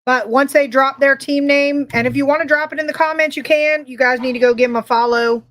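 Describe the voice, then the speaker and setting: A woman's voice: sits high, fairly even intonation, fairly quick, fairly bright tone. A woman co-hosting a casual livestream podcast, bubbly and rambling, laughing often as she chats and greets viewers. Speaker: podcast co-host.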